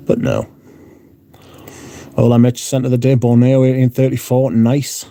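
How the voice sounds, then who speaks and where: Male livestream host, mellow low-toned voice, casual and foul-mouthed. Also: little pitch movement, measured pace, pauses often, a little hiss or hum. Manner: sweary, blunt. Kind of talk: casual chat reading out viewer comments. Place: room at home.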